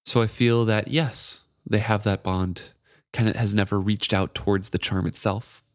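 A man co-hosting a book podcast, reading passages and explaining them in a relaxed manner. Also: fairly low pitch, moderate pace, no room sound, clean studio sound. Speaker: podcast co-host and reader.

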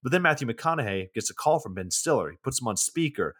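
A man's voice: mid-range voice, very animated, fast talker, fairly bright tone, slightly rough. Profane, rambling man recapping a movie. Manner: loose and profane, lots of fillers. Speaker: podcast co-host. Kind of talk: casual movie recap chat.

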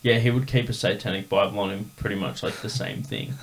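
A man's voice: fairly low pitch, fairly even intonation, fast. A man hosting a podcast, telling a rambling story in casual chat with lots of fillers. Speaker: podcast host.

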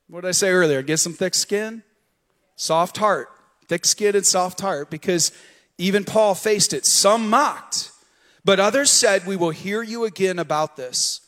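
A man's voice: high-pitched, fairly bright tone. A man preaching a sermon as pastor, prompting the congregation to repeat words back to him. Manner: preaching with call-and-response prompts. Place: church sanctuary. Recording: long hall reverb.

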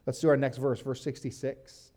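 A man pastor teaching a sermon in a relaxed, conversational way, reading scripture aloud and often saying "like". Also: medium pitch, normal speed. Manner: casual, uses "like" and fillers, reads scripture aloud.

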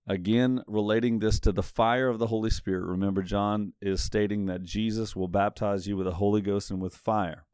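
A man with a low, smooth, resonant voice delivers a sermon. He reads scripture in a measured, emphatic way, leaning on key words. The sound is dry and close, with no room echo. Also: darkish tone. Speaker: preacher.

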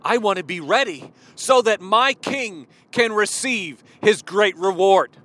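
A man's voice: sits high, lively intonation, measured pace, sharp tone. A male preacher delivering a sermon with emphatic, repeated rhetorical questions.

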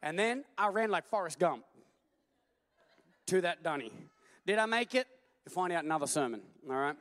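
A man preaching a sermon as a pastor, telling stories animatedly and at times rising to a shout. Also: sits high, animated, normal speed, in a large hall.

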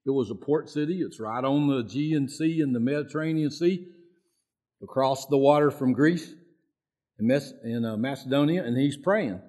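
A man's voice: mid-range voice, moderate pace, mellow. A man preaching a sermon in a folksy, repetitive way, raising his voice to act out prayers. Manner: acts out prayers in a raised voice. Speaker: pastor.

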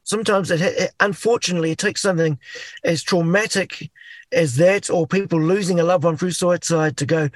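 A middle-aged man with a New Zealand accent, a guest talking in an animated way and acting out inner voices. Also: sits high, a little fast, no room sound. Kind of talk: casual chat.

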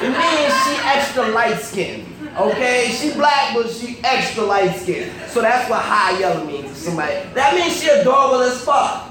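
A young man doing a live stand-up set in a comedy club. He talks loosely, laughs along with his own jokes and shouts out the lines he quotes. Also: sits high, very animated, normal speed, hardly any pauses, crowd noise. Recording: echoey club miked from a distance.

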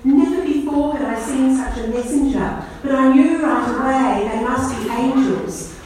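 A woman preacher speaking as a grieving, then joyful woman disciple at the empty tomb, telling it slowly and earnestly in the first person. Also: high-pitched, darkish tone, slight background noise, voice pushed up. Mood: sorrowful. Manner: slow, earnest storytelling. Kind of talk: first-person dramatic sermon monologue. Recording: echoey hall from far off.

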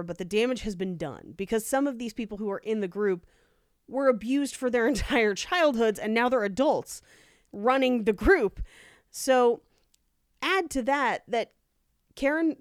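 Co-hosting a casual podcast, a woman tells a story in a chatty way, dropping lots of "like"s and laughing easily. Her voice is a little high, expressive and smooth at a normal speed. The studio recording is dry and clean.

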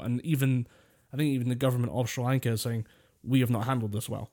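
Rambling British podcast co-host. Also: male voice, medium pitch, fairly even intonation, fast talker, a little mellow. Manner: rambling, wry, laughs often. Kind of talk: casual chat.

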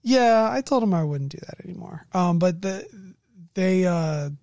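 A woman game master casually recounting a tabletop game session, animated and laughing often. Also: fairly low pitch, normal speed, dry recording, clean studio sound.

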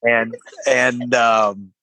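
A man's voice: medium pitch, level tone, drawn-out words, sharp tone, slight background noise. A young man, a veteran guest on a podcast, telling a rambling story with laughs and swearing. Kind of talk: casual storytelling.

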